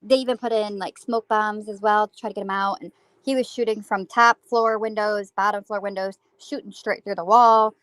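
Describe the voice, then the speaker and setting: A woman's voice: mid-range voice, steady tone, normal speed, a bit bright, dry recording. A woman guest in a casual chat, earnestly recounting a news event.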